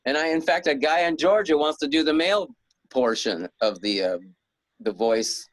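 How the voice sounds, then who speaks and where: A man's voice: fairly high pitch, moderate pace, dry recording, poor audio. A middle-aged man being interviewed as an author, rambling in a casual way with frequent chuckles and restarts. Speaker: guest author.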